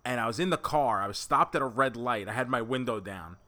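Bright-voiced man telling a wry story. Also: medium pitch, a little fast. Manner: laid-back, wry storytelling. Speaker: podcast co-host. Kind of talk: casual chat.

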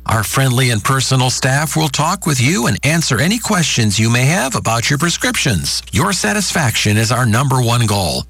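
A man's voice: vocal fry, fairly bright tone, breathy edge, dry recording. A man announcing a radio ad for a pharmacy in a friendly sales voice. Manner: friendly, pitching. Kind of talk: scripted radio ad read.

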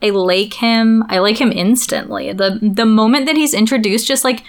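A woman's voice: fairly high pitch, normal speed. Enthusiastic, opinionated woman podcaster. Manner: enthusiastic, opinionated, many "like" fillers. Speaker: podcast co-host. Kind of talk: casual chat.

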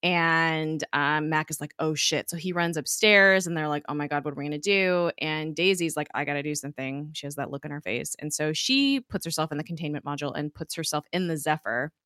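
A woman with a low voice talks through a TV episode in loose, chatty recap, peppering her speech with fillers and laughter. The sound is dry and close, with no room around it. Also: brisk, few pauses, fairly bright tone, clean tone, no echo. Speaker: podcast co-host. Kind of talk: casual recap chat.

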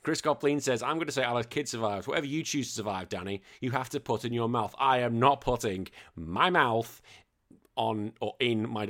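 Laughing a lot, the male podcast host jokes and swears his way through listener messages in a casual chat. He speaks at a moderate pace in a mid-range, somewhat bright voice.

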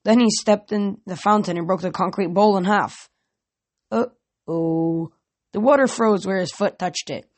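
A man's voice: sits high, normal speed, hardly any pauses. A young man reading a novel aloud as an amateur reader, plain delivery with small slips and restarts.

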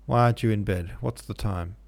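A man's voice: lowish voice, a little fast, vocal fry, darkish tone. A man voicing a sick, weak young man with influenza who protests politely and sounds weary.

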